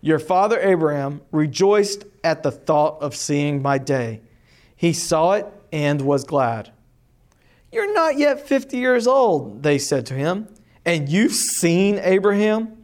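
A man teaching a class, reading a long scripture passage aloud slowly and deliberately, with emphatic rises on key lines. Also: a little high, darkish tone.

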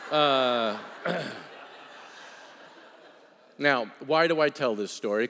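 A man's voice: on the high side, fairly bright tone. Man preaching in an echoing hall. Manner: storytelling, halting restarts and self-deprecating asides. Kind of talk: sermon. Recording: long reverb of a hall.

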